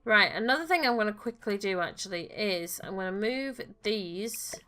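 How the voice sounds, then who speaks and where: A woman's voice: mid-range voice, expressive, normal speed, slight background noise. A woman, casually commenting on a life-sim game and cooing at the characters as she plays. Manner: coos and fusses gently at the game characters. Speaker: gaming channel host. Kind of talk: casual let's-play commentary.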